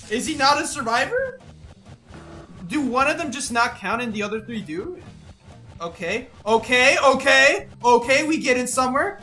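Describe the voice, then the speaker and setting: A game streamer giving live gameplay commentary, excitable and swinging between shouts and flat exasperation. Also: mid-range voice.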